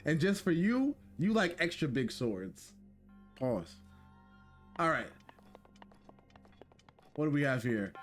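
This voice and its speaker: Animated, jokey male streamer. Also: on the high side, slow pace, pauses often, soft background music. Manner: animated, jokey, exclaims and repeats himself. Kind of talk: live gameplay commentary.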